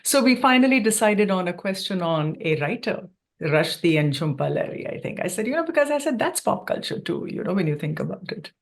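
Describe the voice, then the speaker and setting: A woman who grew up in India, chatting and telling an anecdote in a lively way over a video call. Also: mid-range voice, fairly quick. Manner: chatty, animated. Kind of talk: casual anecdote.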